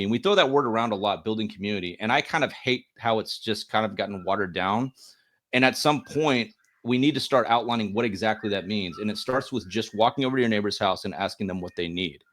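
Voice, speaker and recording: An earnest man with a fairly low voice, making his case in a casual podcast discussion. He presses his points with emphasis and often repeats a word while he gathers the next thought. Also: fast, fairly bright tone. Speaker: podcast co-host.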